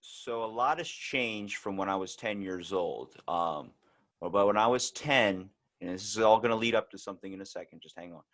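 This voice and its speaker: A man's voice: lowish voice, normal speed, a bit bright. A man hosting a podcast, telling rambling, joking anecdotes with plenty of swearing. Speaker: podcast host. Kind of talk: casual conversational storytelling.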